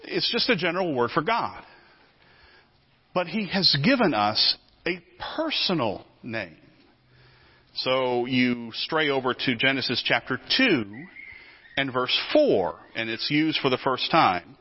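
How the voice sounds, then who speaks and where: A male preacher giving a teaching sermon, animated, often repeating words as he explains. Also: medium pitch, a little slow, slightly rough, muffled recording.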